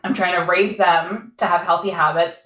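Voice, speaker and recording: Thirties woman co-hosting a chat podcast, kinda rambly and open, lowish voice, echoey room. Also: fairly even intonation, normal speed, a bit bright. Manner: candid, laughs often, rambling. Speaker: podcast co-host. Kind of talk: casual chat.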